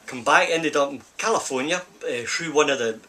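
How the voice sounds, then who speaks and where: A man's voice: on the high side, brisk, pushed and bright. An older man with a Scottish accent, a film stuntman recalling his past in a rambling, casual storytelling manner. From Scotland. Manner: rambling anecdotal storytelling with repeated "I says". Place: film set during a break.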